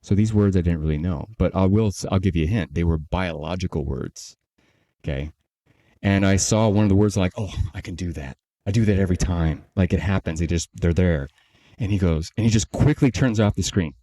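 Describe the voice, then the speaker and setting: Deep mellow guy on a podcast, chatty storyteller, does little voices for the people in his story. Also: fairly quick. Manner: animated storyteller, acts out quoted voices. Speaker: podcast co-host, company CEO. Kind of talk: casual storytelling chat.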